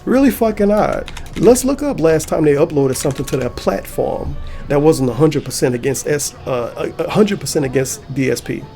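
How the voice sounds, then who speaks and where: Gravelly, heated man ranting. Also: on the high side, lively intonation, moderate pace, few pauses, dark tone, faint music behind. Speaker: YouTuber and streamer. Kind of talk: angry reaction commentary.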